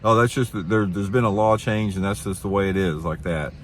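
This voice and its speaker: A man voicing an aggressive, loudmouthed man who bosses anglers off his docks, blustering and raising his voice. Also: fairly low pitch, steady tone, brisk, slight background noise, lightly acted. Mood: bossy, angry. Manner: bossy, blustering.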